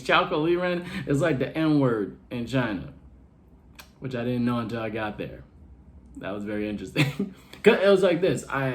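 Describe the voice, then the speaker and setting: Brief: man, stand-up comic, brash slang, animated pitch, mid-range voice. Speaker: stand-up comedian. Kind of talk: stand-up set for an online show.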